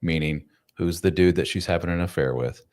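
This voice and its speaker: A man's voice: low-pitched, brisk, darkish tone. A man hosting a casual live stream from home, chatting loosely with viewers in a self-deprecating way. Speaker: live stream host, men's coach. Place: home room.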